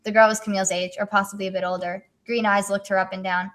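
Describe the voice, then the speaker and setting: A woman's voice: medium pitch, little pitch movement, racing, hardly any pauses. Teen girl author, casual read-aloud with joking asides. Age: teens. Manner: giggly, adds joking asides while reading. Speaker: author and co-host. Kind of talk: reading her own story aloud in a casual chat.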